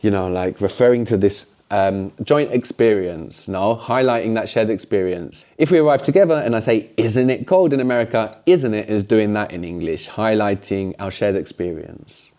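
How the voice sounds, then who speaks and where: A man's voice: fairly low pitch, moderate pace, hardly any pauses, mellow. A man teaching a language lesson, explaining patiently and often closing points with a questioning "no?".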